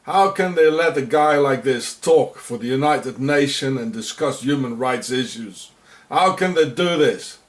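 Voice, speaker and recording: A man's voice: medium pitch, a little slow. A man from South Africa narrating over on-screen footage in rambling commentary, sarcastic and often repeating and restarting his words. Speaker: video narrator.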